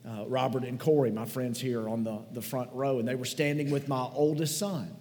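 A man's voice: medium pitch, steady tone, moderate pace, a little mellow, a little hiss or hum. A man preaching a sermon as pastor, telling church memories in a conversational, folksy, sentimental way in a large church hall. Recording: long hall reverb.

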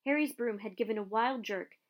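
A woman narrating a storybook aloud with an expressive reading. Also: a little high, fairly quick.

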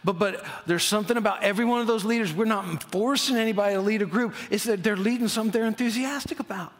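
A middle-aged male pastor preaching a sermon, telling a story, dropping to a hushed near-whisper for prayers and rising to loud emphasis on key points. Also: sits high, fast talker. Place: church auditorium. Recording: long church-hall reverb.

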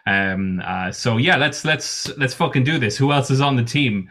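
A man voicing a gruff, touchy mobster inmate in a tabletop game, swearing and swaggering. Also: mid-range voice, lively intonation, moderate pace, pushed and bright. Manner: swearing, tough-guy talk.

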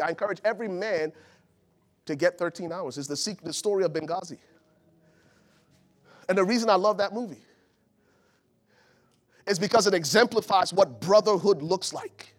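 High-voiced preacher, loud then hushed. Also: male voice. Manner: dynamic preaching, swinging between loud urgent peaks and low soft stretches; calls out to the congregation. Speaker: pastor. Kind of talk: sermon. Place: church before a live congregation.

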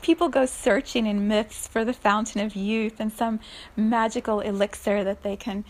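A woman who works as an energy healer, telling a personal story in a chatty, animated monologue. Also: mid-range voice, normal speed. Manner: chatty, animated, laughs often.

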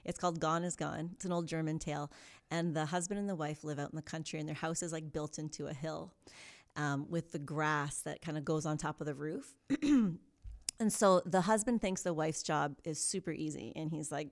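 A woman being interviewed as a guest, telling stories in an animated, upbeat way. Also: sits low, fairly quick. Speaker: yoga studio co-founder, guest. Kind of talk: casual interview chat.

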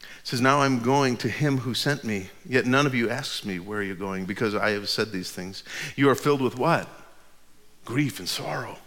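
A male pastor preaching a sermon, moving between hushed, whispered passages and loud, fervent preaching. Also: mid-range voice, moderate pace, big-room sound.

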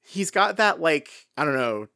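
Male podcast co-host, casual book chat, halting delivery, dry close sound. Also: dry recording. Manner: hesitant, many restarts, animated pitch swings.

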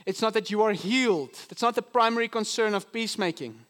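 A male pastor preaching a sermon in an earnest, teaching manner, often slowing down to stress a point. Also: high voice, a bit bright. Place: church.

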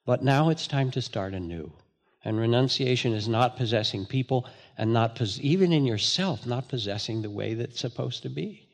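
An older man, a meditation teacher, gives a dharma talk in a gentle storytelling manner with fillers and restarts. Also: medium pitch, lively intonation, normal speed, gravelly. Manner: storytelling, gentle, with filler words and self-corrections. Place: meditation hall with a live audience.

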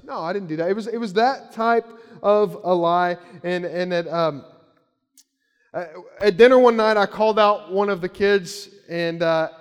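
Pastor preaching in a reverberant hall. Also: male voice, high-pitched, smooth. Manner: conversational storytelling, shouts when acting out quotes. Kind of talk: sermon.

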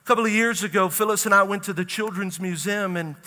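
A middle-aged man, preaching a sermon and telling a story with animated, acted-out dialogue. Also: sits high, fast talker. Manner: animated storytelling, acts out panicked dialogue, laughs at own jokes. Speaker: pastor. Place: large church hall. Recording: reverberant church hall.

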